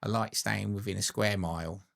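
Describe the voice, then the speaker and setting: Man, podcast host, very deep voice, gravelly, teasing. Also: fairly even intonation, normal speed, fairly bright tone. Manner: teasing, chatty. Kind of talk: casual chat.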